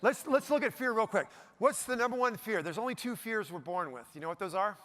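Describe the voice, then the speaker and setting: Bright, high-voiced animated male speaker. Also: brisk. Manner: animated, jokey, asks the audience questions. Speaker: motivational speaker. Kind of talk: live keynote talk to an audience. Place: event stage before a live audience.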